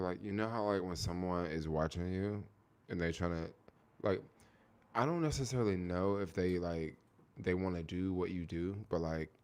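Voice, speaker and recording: Young male streamer, low and gravelly, loose rambling delivery, answers chat as he talks. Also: darkish tone. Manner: rambling, heavy use of "like", reads and answers viewer comments. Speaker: live streamer. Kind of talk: casual live stream chat.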